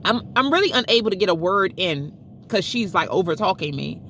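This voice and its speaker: A middle-aged woman vlogger with a medium-pitched, fairly bright voice tells her viewers a frustrating story, calling them "y'all." She is chatty and exasperated, with lively intonation and a slightly fast pace, over slight background noise in this casual storytelling vlog.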